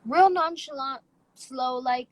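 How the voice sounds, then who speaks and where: Woman podcast host, slightly high voice, big emphatic storytelling, casual chat. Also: no room sound, rough recording. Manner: animated, emphatic storytelling with quick asides.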